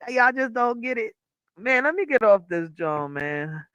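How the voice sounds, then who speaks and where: A woman's voice: on the high side, big pitch swings, a little slow, fairly bright tone, clear, resonant tone, no echo, highs cut off. A woman hosting a livestream from her chair at home, telling a story in a casual, profane, laughing way. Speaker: livestream host. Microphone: wearing headphones.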